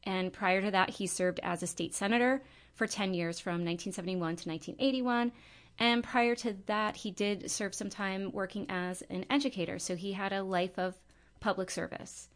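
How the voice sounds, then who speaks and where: A middle-aged woman co-hosting a podcast, telling a story in a chatty, relaxed way with many fillers. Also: mid-range voice, normal speed. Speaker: podcast co-host. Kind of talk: casual chat and storytelling.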